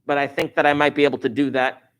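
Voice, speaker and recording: A man teaching a high school math class, chatty and informal, who repeats key phrases to drive them home. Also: level tone, fast, smooth. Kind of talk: recorded classroom math lesson.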